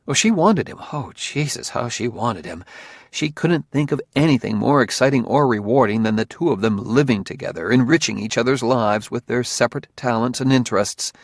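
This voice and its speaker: Gravelly male audiobook narrator. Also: mid-range voice, no echo, studio quality. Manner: steady, intimate storytelling. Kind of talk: scripted narration.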